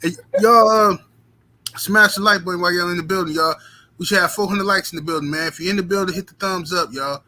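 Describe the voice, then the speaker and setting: A man's voice: on the high side, pushed and bright, rough recording. A man hosting a casual live boxing talk stream with a loose, profane, slang-heavy manner. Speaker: boxing talk show host.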